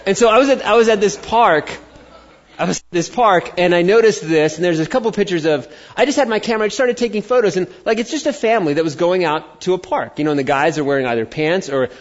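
An American man preaching a sermon, telling a personal story and acting out the voices he quotes. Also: a little high. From United States. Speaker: pastor. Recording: dull lo-fi sound.

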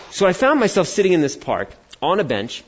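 A man's voice: high-pitched, huge pitch swings, moderate pace, slightly rough. An American man preaching a sermon, telling a personal story and acting out the voices he quotes. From United States. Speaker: pastor. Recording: dull lo-fi sound.

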